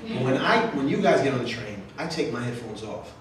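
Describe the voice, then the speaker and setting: At a literary center, a man who writes books entertains young readers in a casual talk with Q&A, very animated and a little fast in his mid-range voice. He's chatty and jokey, acting out quoted voices, and the far-off recording is very echoey with faint noise.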